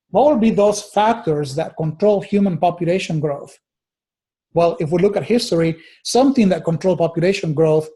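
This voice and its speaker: A man gives a recorded lecture to his students in an earnest, thinking-aloud way, pausing often on fillers and restarting his sentences. His voice sits a little high for a man, yet it sounds mellow and soft rather than bright. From United States. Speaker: teacher.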